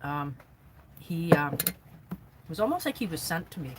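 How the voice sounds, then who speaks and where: In a very noisy clip, a woman with a sing-song voice speaks at a measured pace. She's a vanlife vlogger livestreaming from her camper van, chatting casually with viewers and her dogs and going high-pitched when she talks to the dogs.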